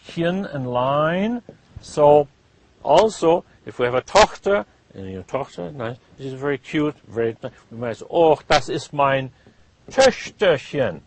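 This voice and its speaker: Male language teacher in a lecture, slightly high voice, slow and deliberate, stretches vowels, keeps asking "huh?". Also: sing-song. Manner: drawn-out demonstrations of vowels, frequent "huh?" checks. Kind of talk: classroom lecture.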